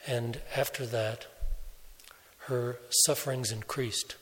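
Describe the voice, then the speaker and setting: A man preaching a sermon, telling a story slowly and deliberately, softening his voice for quoted speech. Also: mid-range voice, steady tone. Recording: long hall reverb.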